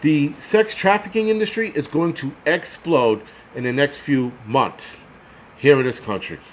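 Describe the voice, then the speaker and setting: A man's voice: a little high, a little slow, a little hiss or hum. A man hosting a livestream, ranting in an angry, profane, heated way and stumbling over repeated words when worked up. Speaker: host of a prepping channel. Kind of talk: livestream rant.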